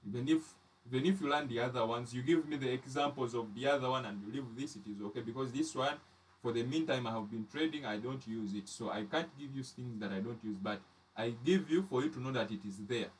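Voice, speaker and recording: A man's voice: mid-range voice, quick pace, far from the mic, slight background noise. A man teaching trading charts step by step, often repeating and restarting his phrases. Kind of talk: live chart lesson.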